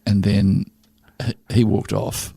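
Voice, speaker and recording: A man's voice: fairly low pitch, little pitch movement, slow, vocal fry, mellow, slightly rough, dry recording, clean studio sound. A man with an Australian accent, co-hosting a casual podcast chat with wry anecdotes. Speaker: podcast co-host.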